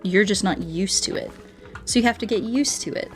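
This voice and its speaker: A playful, goofy woman streaming a game and chatting freely with her viewers. Her speaking voice sits at an ordinary middle pitch for a woman, and she keeps poking fun at herself. Game music plays faintly underneath. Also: normal speed. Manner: goofy, playful, self-joking. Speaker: streamer and ASMR artist. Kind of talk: casual livestream chat with viewers.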